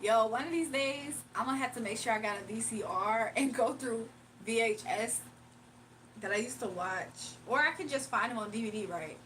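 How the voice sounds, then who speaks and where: This is a young woman hosting a laid-back livestream, where she laughs often, speaks in slang, and reads out what viewers type in chat. She talks at a normal speed in a fairly bright, higher-pitched voice, over light background noise.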